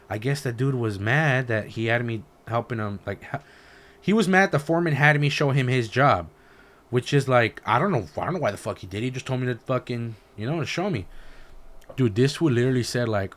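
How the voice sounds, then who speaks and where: A man spins a rough-edged story on a laid-back podcast, cussing freely and slipping into the voices of the people he quotes. His pitch sits squarely mid-range for a man, and his delivery swings between punchy outbursts and low asides. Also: a little fast. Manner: profane, animated storytelling, acting out quoted dialogue. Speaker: podcast co-host; welder. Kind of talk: casual podcast chat.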